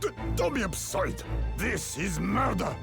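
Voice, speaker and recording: An actor voicing a stern, indignant officer in a game cutscene, blustering and stammering. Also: male voice, high-pitched, very animated, a little slow, creaky, heavily acted. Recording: game audio with music behind.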